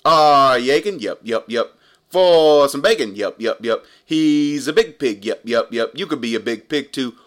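A man's voice: mid-range voice, expressive, unhurried, close to an everyday voice. A man putting on the voice of a chirpy little male meerkat, belting a luau song in a sing-song, exaggerated way. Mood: playful.

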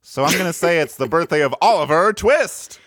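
A man co-hosting a comedy podcast, joking crudely in quick, casual banter. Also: on the high side, animated, a bit bright, no room sound, clean studio sound. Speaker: podcast co-host.

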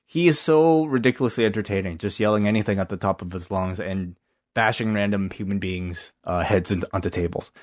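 A low-voiced man chats on a casual podcast, reacting with animated comments and stopping to restart his sentences often. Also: fairly quick. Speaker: podcast co-host. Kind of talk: casual chat.

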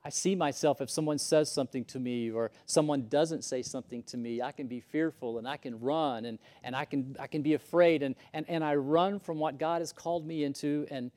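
A man's voice: a little high, steady tone, a little fast, hardly any pauses, warm tone. A man preaching a sermon, emphatic, rising and falling as he acts out the lines he quotes. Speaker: pastor.

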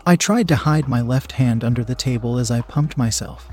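A man reading a story aloud as narrator, in a steady, measured storytelling manner. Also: medium pitch, breathy edge.

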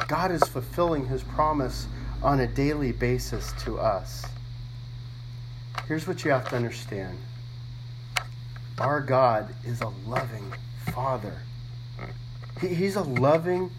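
A man preaching a sermon, his voice rising and falling in a lively way as he reads scripture with strong emphasis. He talks in a loose, thinking-aloud manner, often repeating words. A faint hiss sits under the recording. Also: mid-range voice, slow, long pauses. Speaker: pastor.

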